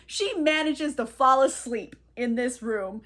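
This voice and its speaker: High-voiced, chatty woman recapping a book. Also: unhurried, a bit bright. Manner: chatty, irreverent, laughs often, slangy. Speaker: book reviewer.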